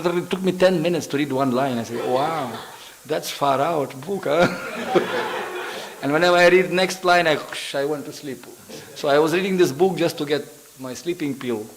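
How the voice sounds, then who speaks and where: A man's voice: mid-range voice, a little hiss or hum, rough recording. A man preaching a sermon in a temple who tells stories animatedly, acts out characters and laughs often. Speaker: visiting preacher. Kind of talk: sermon with storytelling. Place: temple hall.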